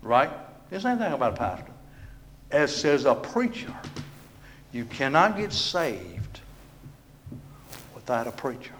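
A man preaching a sermon in a church, moving between loud proclaiming and hushed, almost whispered passages. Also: mid-range voice, sing-song, measured pace, pauses often, slight background noise.

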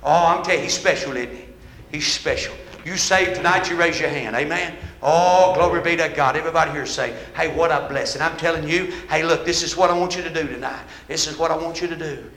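Old preacher man hollering a revival sermon, high bright voice, echoey church. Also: fast talker. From American mountain South. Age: older. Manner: folksy, shouting, call-and-response. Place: church sanctuary.

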